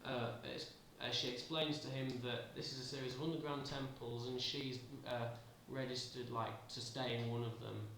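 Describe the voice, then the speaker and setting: A man improvising a story out loud, hesitant and full of fillers. His voice has a gravelly edge. He sounds far off in a very echoey room with faint noise. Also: mid-range voice, fairly even intonation, moderate pace, few pauses. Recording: roomy, distant amateur recording.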